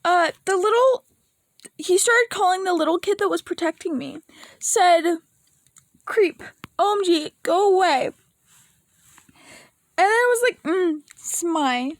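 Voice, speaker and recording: A woman's voice: extremely high pitch, expressive, measured pace, pauses often, no room sound. A woman vlogger rambling through an emotional, casual rant, swearing now and then and sometimes close to tears. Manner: rambling, emotional, breaks into laughs and near tears; curses casually.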